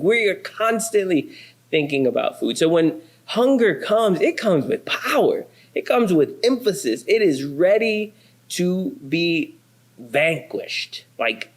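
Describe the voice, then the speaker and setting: A man in his thirties, a pastor, telling funny family stories in a sermon. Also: a little high. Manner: animated, self-deprecating, comic. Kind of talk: humorous sermon storytelling.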